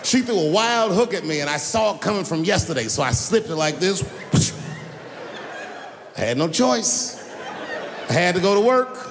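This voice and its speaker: Performing stand-up live on a large stage before an audience, a man tells a profane story brashly and now and then breaks into shouts. His voice sits high and animated, moving at a quick pace with few pauses. The venue adds long reverb and audience noise.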